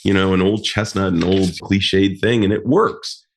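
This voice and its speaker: A man's voice: low-pitched, fairly even intonation, normal speed, gravelly, slight background noise. A man hosting a podcast, chatting casually with a guest and telling his own anecdotes with enthusiasm. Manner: enthusiastic, tells anecdotes with acted quotes. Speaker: podcast host, psychologist.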